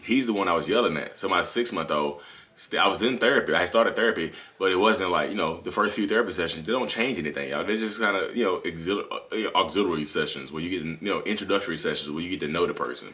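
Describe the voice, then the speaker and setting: A man's voice: deep voice, quick pace, pushed and bright. A man, hosting a candid, rambling confessional monologue and often correcting himself. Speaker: channel host.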